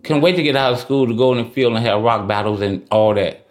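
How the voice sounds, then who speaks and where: A middle-aged man from Oakland, California, chatting casually as a podcast guest, boastful and quick to laugh. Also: mid-range voice. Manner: boastful, laughing, colloquial street talk. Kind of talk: casual chat.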